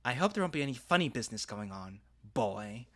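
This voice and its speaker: A man's voice: medium pitch, sing-song, brisk, fairly bright tone. A man putting on a drawling Texan stepmom. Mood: motherly. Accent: Southern US, put on. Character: warm, teasing Texan stepmom.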